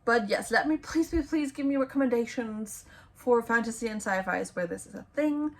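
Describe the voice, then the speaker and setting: A young woman giving book recommendations in a casual vlog, rambling and hesitant with many ums and self-corrections, her voice going hoarse. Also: fairly high pitch, normal speed. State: losing her voice. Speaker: book vlogger.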